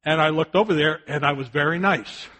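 An older man preaching a sermon, telling a folksy family story and swinging from loud shouted warnings to soft, quiet appeals. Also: a little high, a little fast.

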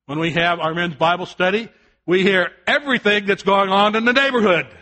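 In his sermon, a high-pitched older man talks fairly quickly through a folksy story about family, moving from loud, shouted warnings to soft, quiet pleas.

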